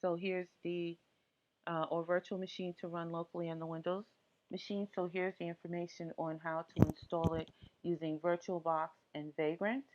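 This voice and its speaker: A woman's voice: on the low side, level tone, normal speed, a little mellow, muffled recording, slight background noise. Chatty woman hosting a tech tutorial. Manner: chatty, lots of ums and asides. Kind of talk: casual screen-recorded tech tutorial.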